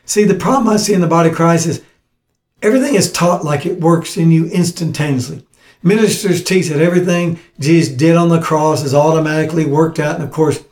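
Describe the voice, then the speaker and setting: A man's voice: fairly high pitch, darkish tone. Earnest preacher man in an echoey room. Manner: earnest, repetitive exhortation. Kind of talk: teaching sermon with scripture reading.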